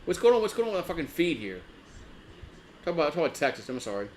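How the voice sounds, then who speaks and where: A man chatting live to his viewers about football, his voice sitting a bit high for a man. He rambles, stumbles over restarts and swears freely when he gets annoyed. Faint noise hums behind him. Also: sing-song, quick pace. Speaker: sports live-stream host. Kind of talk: casual live-stream fan chat.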